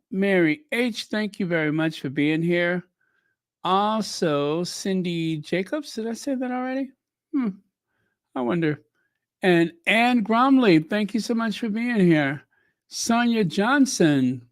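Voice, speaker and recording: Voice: medium pitch, no room sound, studio quality. A livestream host chatting casually and greeting viewers one by one by name.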